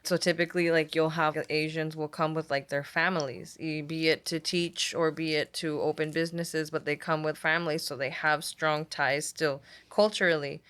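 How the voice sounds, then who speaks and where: A woman's voice: deep voice, normal speed, hardly any pauses, clean tone. A young woman from Puerto Rico, a teacher, talking casually in an interview with lots of filler words. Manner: chatty, animated when quoting others, many "like" fillers. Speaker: guest, language arts teacher.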